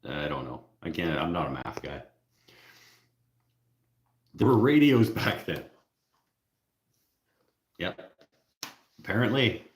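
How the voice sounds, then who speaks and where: A man's voice: low voice, big pitch swings, slow pace, long pauses, roomy sound. A Canadian man with a Canadian accent, hosting a casual live stream, joking with viewers and laughing at his own jokes. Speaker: livestream host.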